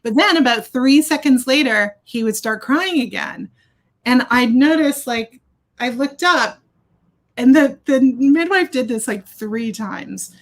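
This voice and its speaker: A middle-aged woman who works as a doula tells a birth story in casual conversation. Her voice is high and unhurried. She is an animated storyteller who acts out the voices of the people involved.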